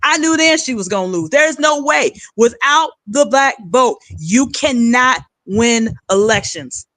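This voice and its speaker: A woman's voice: fairly high pitch, expressive, a little slow, a bit bright, dry recording, rough recording. Blunt, ranting woman livestream host. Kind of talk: political commentary livestream.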